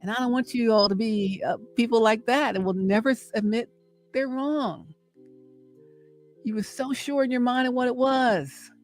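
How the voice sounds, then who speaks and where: Over faint background music, a middle-aged woman speaks at a moderate pace in a fairly high voice on a livestream. She leads a motivational faith talk, urging listeners on with emphatic, repetitive phrasing in the rhythm of a preacher.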